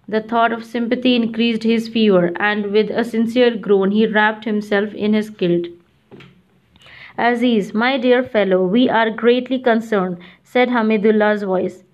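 A woman narrating a novel in a measured, even reading. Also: on the high side. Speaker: audiobook narrator. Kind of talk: scripted narration. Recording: dull lo-fi audiobook recording.

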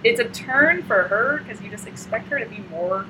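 A woman's voice: a little high, moderate pace, background noise. A woman in casual chat, retelling a comic with lots of fillers and acting out the characters' lines. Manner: animated storyteller acting out scenes. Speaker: co-host discussing a comic.

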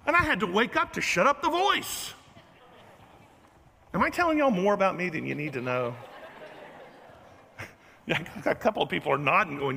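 A pastor's high voice, touched with vocal fry, carries at a moderate pace with frequent pauses as he preaches in a church sanctuary. Animated and self-mocking, he jokes with the room, and a long reverb tail follows.

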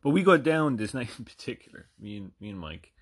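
An Irish man in his thirties spins a rambling, profane story in a casual anecdote, often checking in with "right?" His mid-range voice is husky, fast and very animated.

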